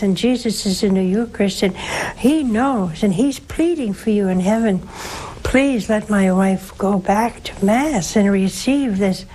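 A woman, a nun hosting a religious call-in show, teaching slowly and emphatically with rhetorical questions. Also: mid-range voice, a little mellow, poor audio. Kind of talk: devotional teaching and call-in advice.

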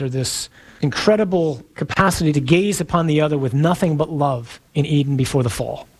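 Conversational male preacher, slightly high. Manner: conversational and playful, with sudden pauses for emphasis. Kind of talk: sermon.

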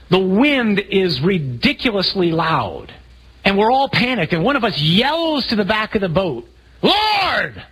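Husky-voiced priest preaching animatedly. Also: male voice, high-pitched, rough recording. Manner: animated, with rhetorical questions and tag "huh?"; acts out scenes vividly. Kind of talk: sermon to a men's group.

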